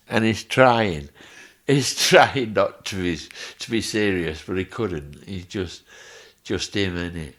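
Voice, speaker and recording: Speaking slowly in a fairly low voice, a man recounts funny stories as a podcast guest. He's an animated storyteller who chuckles a lot as the interview goes on.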